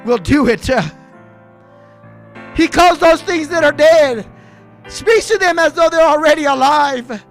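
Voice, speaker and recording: A man's voice: extremely high pitch, a little slow, long pauses, faint music behind. A male pastor preaching an impassioned Pentecostal altar call, rhythmic, punctuating phrases with uh. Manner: impassioned, rhythmic, with repeated uh breaths. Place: church sanctuary.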